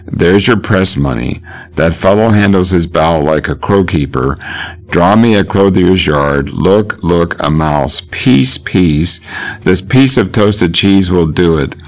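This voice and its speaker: A man reading the lines of a mad old king, declaiming them slowly and with force. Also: low voice. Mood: raving. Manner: slow, declaiming.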